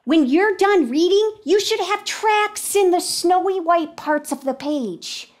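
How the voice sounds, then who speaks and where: A woman teacher talking to students in a classroom lesson, lively and expressive, sometimes dropping to a whisper. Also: very high-pitched, takes it slowly. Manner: animated, drops to a whisper for the thinking voice.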